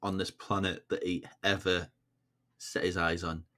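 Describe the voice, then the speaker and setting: A fairly low male voice chatting with a podcast host in a relaxed way. He often laughs between his remarks. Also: a little slow. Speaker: podcast guest. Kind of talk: casual film discussion.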